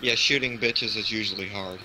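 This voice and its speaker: A man's voice: lowish voice, fairly even intonation, brisk, bright, forceful tone, slight background noise, low-quality recording. A man joking around as a friend on a voice call, trading wisecracks. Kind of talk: joking banter.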